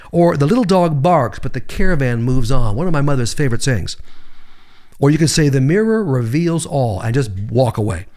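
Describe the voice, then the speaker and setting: A man's voice: mid-range voice, a little mellow. A middle-aged man hosting an advice podcast, delivering sarcastic comebacks in a wry, punchy way. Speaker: podcast host, psychologist. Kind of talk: advice talk to listeners.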